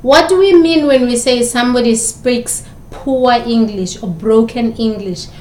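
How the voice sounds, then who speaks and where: A woman's voice: fairly high pitch, measured pace, darkish tone, echoey room. A woman from South Africa with a South African accent, a communication instructor giving recorded lecture commentary full of probing rhetorical questions.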